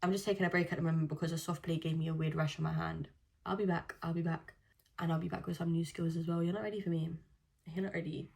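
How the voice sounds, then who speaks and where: A woman's voice: low-pitched, fairly even intonation, rapid-fire, gravelly, darkish tone. A young woman answering viewer questions in a candid, chatty vlog full of blunt slang. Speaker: vlogger. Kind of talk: casual Q&A vlog.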